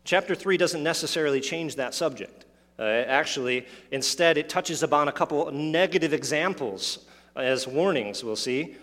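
A pastor preaches a sermon in a slightly high, fairly bright voice at a moderate pace, explaining a scripture passage. He poses rhetorical questions and adds asides, and a long hall reverb trails his words.

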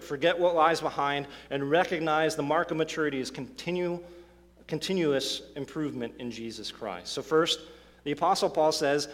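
A man's voice: fairly high pitch, fairly bright tone. A male pastor preaching a sermon, emphatic and earnest, who repeats words as he restarts and asks the congregation rhetorical questions. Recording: long hall reverb.

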